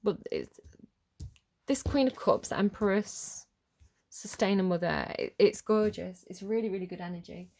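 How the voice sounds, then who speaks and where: A woman's voice: medium pitch, measured pace, creaky, mellow. Chatty, rambling woman reading tarot. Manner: chatty, rambling, easily distracted, apologetic. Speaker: tarot reader. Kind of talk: casual tarot reading to camera.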